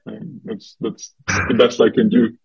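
A man chatting in English as a guest, slow and halting, with lots of "uh" and restarted sentences. His voice is low-pitched and a little husky, held on a flat, even line. The recording is dry and slightly muffled. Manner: hesitant, many fillers and restarts. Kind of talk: casual conversation.

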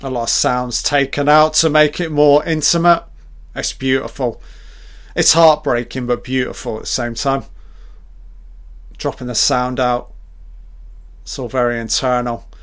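A man doing a live film reaction commentary, excitable and swearing constantly as he blurts out reactions. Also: mid-range voice, measured pace, pauses often.

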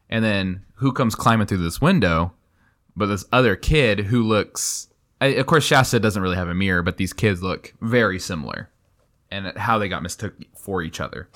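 Low-voiced man chatting about a book. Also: animated, unhurried, fairly bright tone. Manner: laughs easily while retelling scenes. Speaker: podcast co-host. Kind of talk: casual book discussion.

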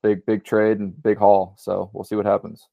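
A man's voice: lowish voice, monotone, moderate pace, vocal fry, warm tone, no echo. A man co-hosting a casual podcast, teasing his friends and talking with plenty of fillers. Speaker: podcast co-host. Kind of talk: casual sports-betting chat.

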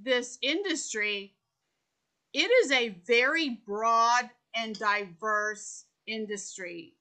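A middle-aged woman from South Texas answers a panel question in a slow, unhurried way. Her voice sits a bit high and sounds bright and forceful. She often doubles her first words before settling into the point. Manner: measured, deliberate speaker who repeats words as she starts. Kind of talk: panel discussion over video call. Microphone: soft remote microphone.

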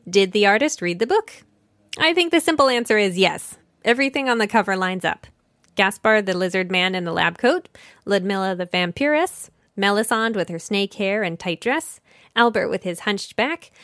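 A woman's voice: mid-range voice, a bit bright, dry recording, clean studio sound. A woman hosting a children's book podcast, summarizing and discussing a story in a conversational way, thinking aloud and correcting herself now and then.

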